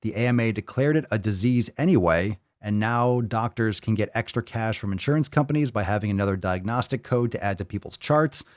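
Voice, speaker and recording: A man's voice: lowish voice, fairly quick, hardly any pauses, no echo, studio quality. A man hosting a podcast in casual chat, reading posts aloud and rebutting them in a blunt, profane, mocking way. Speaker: podcast host.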